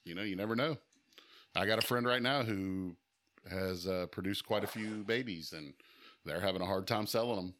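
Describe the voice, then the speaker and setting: Low-voiced man giving plain advice. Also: normal speed, fairly bright tone, a little hiss or hum. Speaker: podcast co-host, reptile supply seller. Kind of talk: casual chat.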